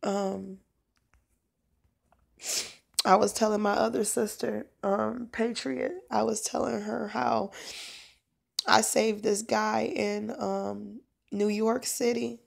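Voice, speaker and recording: A woman's voice: mid-range voice, little pitch movement, slow pace, vocal fry, long pauses. A woman talking casually on a phone livestream as a prayer minister, meandering with lots of fillers and asides.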